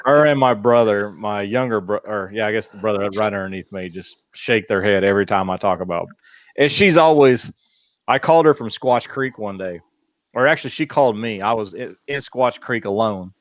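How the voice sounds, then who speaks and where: A man's voice: fairly low pitch, normal speed, dry recording. Easygoing middle-aged male podcast host. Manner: joking, easygoing storyteller. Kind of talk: casual podcast chat.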